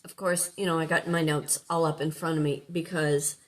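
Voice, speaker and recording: A woman's voice: sits low, flat delivery, normal speed. A woman life coach talking casually at home, rambling and conversational, who breaks off now and then to scold her dog. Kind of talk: casual spoken monologue.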